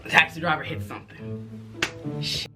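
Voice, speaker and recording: A woman with a slightly low voice tells a story in a loose, casual vlog style. She is animated and expressive, throws in cussing and asides to her viewers, and faint music plays underneath. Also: moderate pace. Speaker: vlogger.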